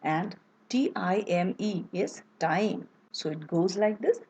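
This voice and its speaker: A woman's voice: fairly low pitch, a little slow, a little mellow, slightly rough, poor audio. A woman teacher giving a lesson to young children, spelling out words letter by letter and praising them as they repeat after her.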